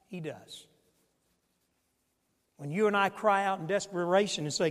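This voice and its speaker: A male pastor preaching a sermon in a church, swinging from hushed tones to shouting. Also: sits high, fairly quick, big-room sound. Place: church sanctuary.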